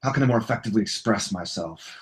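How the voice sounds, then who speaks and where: A man's voice: fairly low pitch, quick pace. A young man leading a casual yoga class on the floor, loose and jokey, with silly asides between his cues. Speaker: yoga instructor. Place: indoors on a floor.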